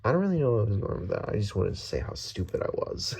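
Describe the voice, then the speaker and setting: A man's voice: lowish voice, big pitch swings, fast, gravelly, darkish tone, slightly rough. A young man from the Dominican Republic ranting casually about politics, rambling with many restarts, swearing and nervous laughs. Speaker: vlogger.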